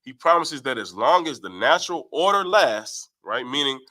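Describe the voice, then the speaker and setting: Man, bright tone, Bible study teacher, reads verses aloud, keeps saying "right?". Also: medium pitch, big pitch swings, normal speed. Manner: reads verses aloud and explains them, asking "right?" often. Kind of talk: scripture study talk.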